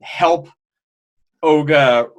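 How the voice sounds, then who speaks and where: A man's voice: a little high, drawn-out words. A man co-hosting a podcast, recapping an anime's plot casually with playful, jokey asides. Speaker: podcast co-host.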